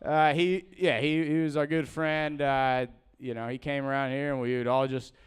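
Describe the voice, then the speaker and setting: Rambling young stand-up guy, smooth voice. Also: mid-range voice, level tone. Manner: rambling, halting, many restarts and fillers; laughs at his own jokes. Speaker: stand-up comedian. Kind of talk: open-mic stand-up set.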